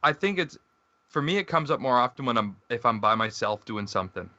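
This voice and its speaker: Man, casual podcast chat, bright forceful voice, dry close sound. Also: mid-range voice, animated, a little fast, no room sound, dull audio. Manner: laid-back, profane storyteller, laughs often. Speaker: podcast co-host.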